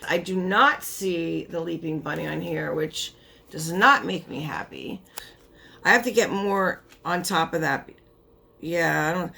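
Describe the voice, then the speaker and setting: A woman's voice: medium pitch, vocal fry, sharp tone, slight background noise. A young woman vlogger chatting casually through a beauty box unboxing, tired, her voice giving out, rambling and cutting herself off. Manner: chatty, rambling, self-interrupting.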